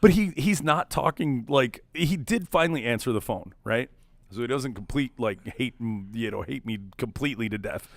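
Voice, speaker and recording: Male co-host, mid-pitched, animated storyteller who throws his voice into quotes; dry close mic. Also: moderate pace, no echo. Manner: animated, acts out quotes loudly. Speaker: podcast co-host. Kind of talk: casual storytelling chat.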